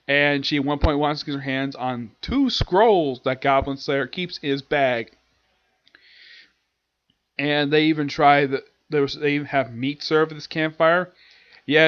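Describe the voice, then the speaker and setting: Man with a slightly high voice, casual anime reviewer, rambling recap, dry and dull-sounding home recording. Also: a bit bright, dry recording. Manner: rambling, with frequent restarts and quick acted quotes.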